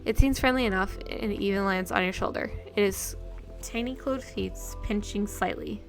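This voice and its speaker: A woman reads a fantasy gamebook aloud in second person, at a mid pitch, sometimes stumbling and correcting herself. Soft music plays faintly behind her. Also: moderate pace, gravelly. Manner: reads aloud with small slips and self-corrections. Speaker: streamer reading a gamebook. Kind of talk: second-person story narration.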